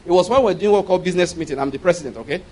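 A man preaching a sermon in an animated way, often laughing and acting out little dialogues. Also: high-pitched, rapid-fire.

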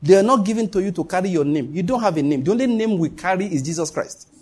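A man's voice: sits high, expressive, quick pace, breathy edge. A man preaching a sermon as pastor, emphatic, repeating key lines and dropping joking asides.

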